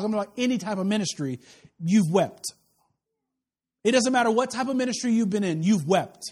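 A young man delivering a sermon from the pulpit, his voice pitched unusually high for a man. He preaches in a casual, animated way, slipping into quick acted-out exchanges to draw the congregation in. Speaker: pastor.

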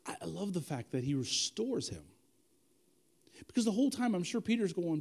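Man, preacher, sermon, high voice, very lively intonation, chatty and humorous. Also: fairly quick. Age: adult with children. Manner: animated, conversational storytelling with humor.

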